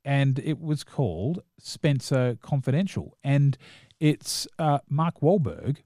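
A man's voice: mid-range voice, sing-song, slow, dark tone, no echo. A man with a New Zealand accent chats about films in a rambling, eager way, stumbling through restarts and fillers. His voice sits in a mid range. The sound is dry and close. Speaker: podcast co-host. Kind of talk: casual chat reviewing films and shows.

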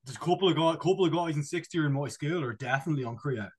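A man's voice: a little high, racing, breathy edge. A man from Ireland, a podcast co-host chatting casually, rambling and joking with lots of fillers and restarts. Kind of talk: casual chat.

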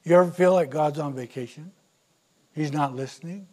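A male pastor preaching a sermon, retelling scripture stories with big swings from loud to soft. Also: fairly high pitch, moderate pace. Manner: storytelling, dramatic swings in loudness.

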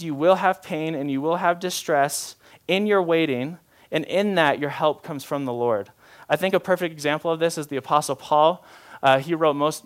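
A man preaching a sermon as pastor, talking in a relaxed, informal way and shifting between soft, slow passages and louder, emphatic ones. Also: fairly high pitch. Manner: informal, often uses "like" and restarts.

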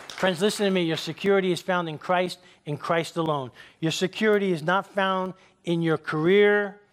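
Male pastor, high voice, emphatic sermon delivery with call-and-response. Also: steady tone, moderate pace. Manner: tells jokes as stories.

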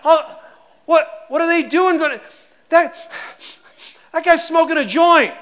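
Man doing a high, shrill busybody, scandalized and spying, loud agitated gasps. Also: slow pace, heavily acted. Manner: agitated, gasping exclamations. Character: nosy scandalized religious man spying from down the street.

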